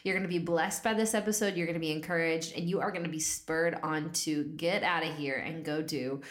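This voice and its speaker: A woman's voice: deep voice, steady tone, brisk, echoey room. A woman hosting a faith podcast, talking in an effusive, emotional way and laughing often. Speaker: podcast host. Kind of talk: casual faith podcast chat.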